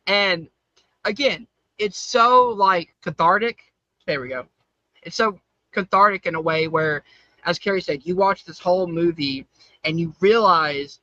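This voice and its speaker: A high-voiced man with a bright, forceful tone, hosting a film podcast and gushing enthusiastically. The recording is dry and slightly dull, with a lo-fi edge. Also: unhurried, no room sound. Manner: enthusiastic, upbeat. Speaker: podcast host presenting award categories. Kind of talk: casual film discussion.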